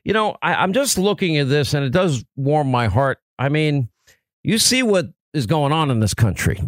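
A man's voice: on the high side, big pitch swings, normal speed, no echo. A middle-aged man hosting a political talk radio show, speaking in an impassioned, emphatic way.

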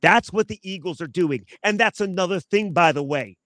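A man hosts a sports talk show in a sarcastic monologue, mocking himself and speaking right to his listeners. His voice sits a little high for a man. The sound is dry and close, with little room around it. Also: normal speed, a bit bright, dry recording. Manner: sarcastic, self-mocking, talks straight to listeners. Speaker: sports radio host. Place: outdoors in his backyard.

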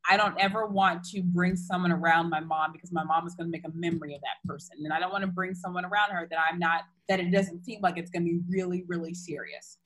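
A woman's voice: fairly low pitch, fairly even intonation, fast, hardly any pauses, a bit bright, rough recording. A young woman candidly retelling a personal story in casual chat, full of fillers and restarts.

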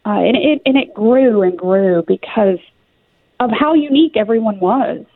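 A woman's voice: a little high, normal speed, no echo. A woman with a Southern US accent from Tennessee, a guest in a radio interview, talking in an earnest, conversational way. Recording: dry, phone-like line.

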